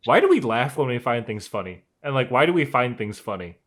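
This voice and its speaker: A man's voice: mid-range voice, big pitch swings, a little fast. A young man co-hosts a casual podcast chat in a mid-range voice. He rambles and leans heavily on filler words. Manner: rambling, heavy use of "like". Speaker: podcast co-host.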